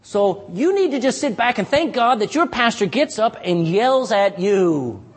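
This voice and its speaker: A man's voice: high voice, unhurried. A pastor preaching an emphatic sermon to his congregation, teasing listeners by name and calling for "Amen?" replies. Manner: emphatic, animated preaching with call-and-response "Amen?". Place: church sanctuary.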